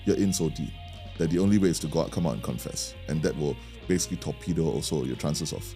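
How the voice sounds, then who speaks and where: Deep, mellow-voiced Singaporean man telling stories. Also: quick pace, faint music behind. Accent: Singaporean English. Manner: chatty, restarts often, laughs easily. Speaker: podcast co-host. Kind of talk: casual storytelling chat.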